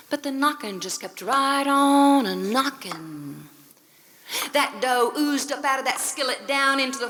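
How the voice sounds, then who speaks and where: A woman's voice: on the high side, pushed and bright, slight background noise. A woman telling a folk tale with dramatic, rhythmic delivery that drops at times to a whisper. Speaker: storyteller.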